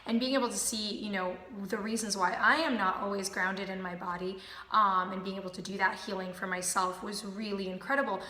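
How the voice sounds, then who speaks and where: Bright-voiced woman in an echoey room. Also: mid-range voice, fairly quick. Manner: calm, explanatory, many "um"s. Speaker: spiritual practitioner co-host. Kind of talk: casual spiritual chat.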